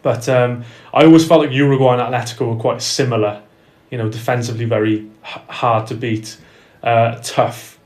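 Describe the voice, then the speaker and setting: A man co-hosting a casual football chat, chatty and quick to correct himself. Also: mid-range voice, fairly even intonation, darkish tone. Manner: chatty, self-correcting, laughs easily. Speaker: podcast co-host. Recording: roomy echo.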